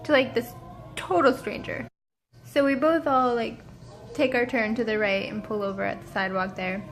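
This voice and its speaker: High-voiced woman telling a travel story. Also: moderate pace, soft background music, rough recording. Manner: animated, dramatic, quotes people. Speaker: travel vlogger. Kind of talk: casual storytelling.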